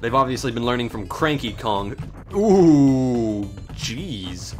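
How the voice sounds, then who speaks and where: Gamer guy narrating his playthrough, sarcastic and swearing, pitch all over the place, faint game music under him. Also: expressive, slow. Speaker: let's play host. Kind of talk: casual gameplay commentary.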